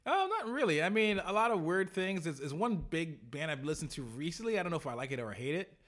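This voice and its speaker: A man's voice: fairly high pitch, lively intonation, fast, a bit bright. Rambling man in casual music chat. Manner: rambling, laughs often, filler-heavy.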